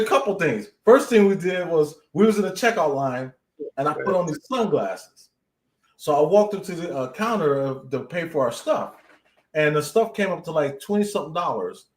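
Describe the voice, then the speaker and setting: A man's voice: fairly high pitch, roomy sound, slight background noise. A man co-hosting a casual live-stream chat, telling prank stories and laughing often. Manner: joking storyteller who laughs often. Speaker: co-host.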